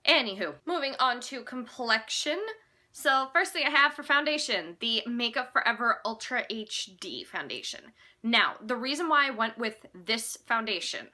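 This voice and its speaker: A woman's voice: fairly high pitch, expressive, normal speed, bright, forceful tone. A young woman vlogger chatting casually to camera, rambling and correcting herself as she goes. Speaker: beauty vlogger.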